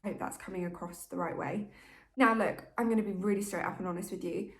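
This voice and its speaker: A woman's voice: medium pitch, steady tone, fast, reverberant. A woman, chatting candidly to camera in a casual, open vlog manner. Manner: open, candid and chatty, talking like to a best friend. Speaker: vlogger.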